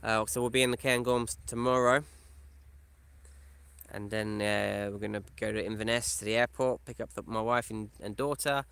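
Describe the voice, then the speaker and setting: This man's voice is fairly low, steady and gravelly, a bit bright and clean, at normal speed in a dry recording. Vlogging live from his camper van or parked outdoors, he chats casually and reads viewers' comments aloud, answering each.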